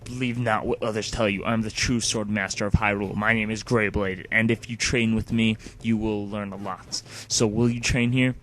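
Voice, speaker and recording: A man's voice: on the low side, fairly even intonation, normal speed, hardly any pauses, fairly bright tone, faint music behind, natural voice. A man voicing a boastful male sword master from a video game, reading the lines in a near-plain voice. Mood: boastful instruction. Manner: read aloud in a near-plain voice, no accent. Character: self-proclaimed true sword master, boastful teacher.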